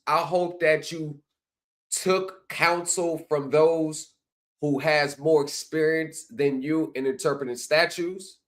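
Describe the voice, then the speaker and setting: A man hosting a livestream, lecturing his viewers with repeated rhetorical phrases. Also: a little high. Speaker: streaming commentary host. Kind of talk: livestream commentary.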